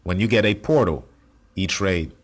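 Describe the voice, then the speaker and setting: Man, lowish voice, casual lesson, slangy, profane, repeats himself. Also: moderate pace. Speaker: self-taught investing teacher. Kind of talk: casual screen-share lesson.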